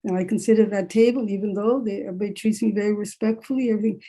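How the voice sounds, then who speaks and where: A woman's voice: mid-range voice, steady tone, racing, dark tone. A woman who is a writer and English professor, talking candidly in a panel discussion over a video call and repeating phrases for emphasis.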